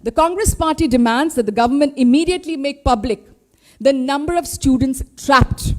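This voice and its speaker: Her voice pitched noticeably high, an Indian English–accented woman addresses reporters at a moderate pace as her party's spokesperson, in the headquarters press room. Impassioned, she drives her points home through a string of pointed rhetorical questions.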